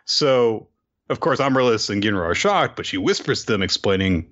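Bright-toned man recapping with goofy voices. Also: lowish voice, brisk. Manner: animated storyteller, quotes the characters in goofy voices. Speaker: podcast co-host. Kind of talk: casual chapter recap. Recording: dull lo-fi audio.

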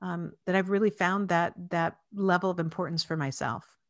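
A woman's voice: on the low side, moderate pace, no room sound, studio quality. Thoughtful woman host in her fifties. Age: 50s. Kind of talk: casual conversation.

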